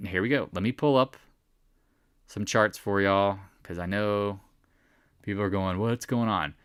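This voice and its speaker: A man hosting a casual live stock market recap, animated and sarcastic, often teasing imagined viewers. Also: fairly low pitch, unhurried, dry recording, clean studio sound.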